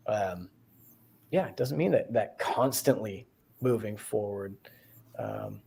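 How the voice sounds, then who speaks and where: A man's voice: fairly low pitch, takes it slowly, gravelly, dark tone, husky. A man co-hosting a podcast in casual chat, rambling and reflective, laughing often. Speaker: podcast co-host.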